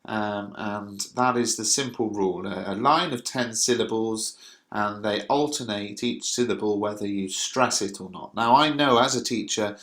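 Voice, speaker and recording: A man teaching a lesson, explaining step by step in a patient way and pausing often to find his words. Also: lowish voice, a bit bright, reverberant. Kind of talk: recorded classroom explanation.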